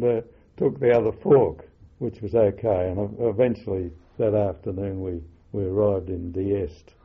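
An older man recalling wartime memories in an oral history interview, halting with many fillers and self-corrections. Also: on the low side, creaky, breathy edge. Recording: muffled phone-like lo-fi audio.

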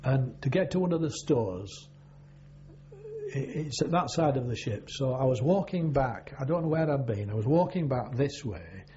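This older ex-sailor tells of his navy years in an oral history, rambling and halting with many fillers along the way. His medium-pitched voice is animated and dark in tone. It's a dull, lo-fi recording with a faint hum.

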